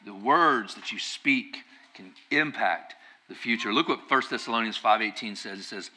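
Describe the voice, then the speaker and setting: Bright-voiced preacher. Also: male voice, on the low side, moderate pace. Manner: conversational preaching, rising to emphatic bursts. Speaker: pastor. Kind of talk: sermon.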